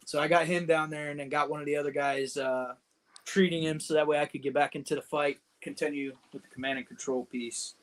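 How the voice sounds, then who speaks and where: A man's voice: fairly high pitch, fairly even intonation, brisk. A man and combat veteran, a podcast guest casually telling a war story in vivid, profane detail, full of "dude" and "man".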